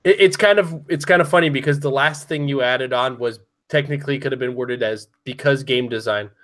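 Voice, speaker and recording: A man's voice: medium pitch, fairly quick, a bit bright. A man hosting a casual podcast, teasing his co-hosts and laughing at his own jokes. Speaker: podcast host.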